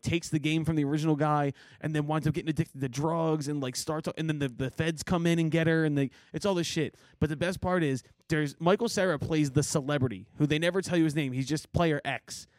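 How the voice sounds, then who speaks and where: A man's voice: on the high side, fairly even intonation, brisk, few pauses, darkish tone, dry recording. A man hosting a podcast, chatting in a rambling, laughing way and swearing casually. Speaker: podcast host. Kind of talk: casual chat.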